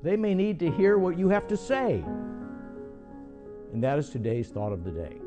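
Reflective priest with a lively voice. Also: male voice, a little high, normal speed, over music. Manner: gentle, reflective. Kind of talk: short radio devotional.

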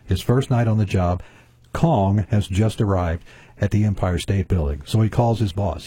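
A man's voice: lowish voice, moderate pace, dark tone, husky, no room sound. A male radio host chatting in a folksy, easygoing way with frequent fillers, speaking in a studio. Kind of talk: casual radio chat. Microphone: studio mic.

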